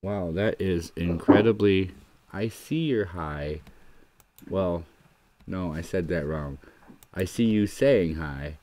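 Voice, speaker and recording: A man's voice: sits low, slow, warm tone. A man hosting a casual livestream chat, rambling and talking himself through his computer troubles at the desk mic. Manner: rambling, narrates his own fumbling with the computer. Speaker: livestream host.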